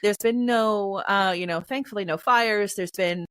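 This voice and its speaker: A woman guest in an interview, explaining in a chatty, animated way with many filler phrases. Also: medium pitch, unhurried, clear, resonant tone, no echo, low-quality recording. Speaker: poetry reader and performer, interview guest.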